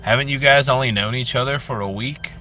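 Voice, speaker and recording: A man's voice: medium pitch, a little fast, lightly acted, poor audio. A man doing a dry, sarcastic woman friend. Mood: skeptical. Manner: flat, sarcastic. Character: dry unimpressed woman friend replying online.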